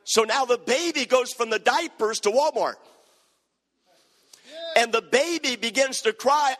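High-voiced preacher in a reverberant hall. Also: male voice, lively intonation, normal speed. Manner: preaching with rising shouts and sing-song cadence. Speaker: pastor. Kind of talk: sermon.

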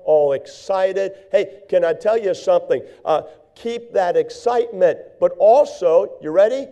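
A man's voice: high voice, mellow, highs cut off. A man preaching a sermon to his church, building up with repeated phrases. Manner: repetitive preaching cadence, rising in fervor. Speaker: pastor.

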